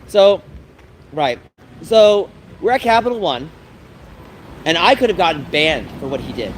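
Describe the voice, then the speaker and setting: A man's voice: high voice, sing-song, moderate pace, pauses often, a little hiss or hum, rough recording. A man livestreaming to his viewers, telling an agitated, rambling story and repeating himself as he vents. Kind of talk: livestream chat, ranting to viewers.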